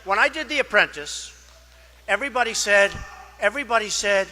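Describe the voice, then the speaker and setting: A man delivers a rambling campaign speech with a very high pitch for a man and an intensely forceful, tense tone. He boasts and repeats himself, drifts into asides and acts out conversations he claims to have had. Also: big pitch swings, fairly quick. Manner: conversational, acts out quoted exchanges. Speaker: political candidate. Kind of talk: campaign speech at a fundraising dinner.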